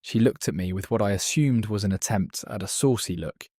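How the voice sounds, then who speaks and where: A man's voice: lowish voice, fairly quick, mellow, slightly rough, no room sound, clean studio sound. A man voicing a blunt, crude male former palace footman. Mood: scornful.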